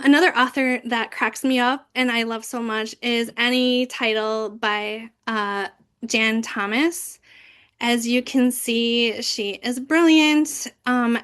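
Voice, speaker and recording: A woman's voice: on the high side, fairly bright tone. A woman giving a training session on reading picture books aloud, breaking into big, playful voices for the characters. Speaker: library youth services manager.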